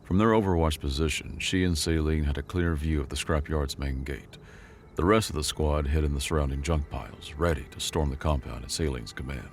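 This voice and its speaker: A man narrating a scripted sci-fi story in a measured, even way. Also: very deep voice, a little hiss or hum.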